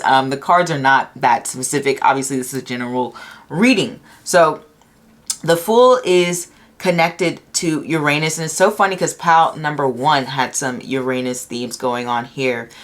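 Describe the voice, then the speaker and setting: A woman with a low voice gives a casual tarot reading at home. She talks in a chatty, upbeat way, full of ums and little laughs, speaking to a camera on her desk. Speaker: tarot reader.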